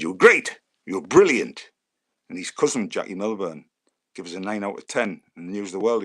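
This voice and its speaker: A man in his fifties with a Geordie accent, a former footballer telling lively anecdotes as a guest. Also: low voice. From Newcastle, England. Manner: lively storyteller who acts out the voices of others.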